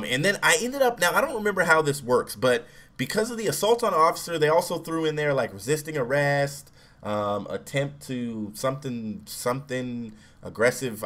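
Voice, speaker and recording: A young man telling a personal story in a relaxed, casual way, acting out quotes loudly. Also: medium pitch. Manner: relaxed, acts out quotes with raised voice.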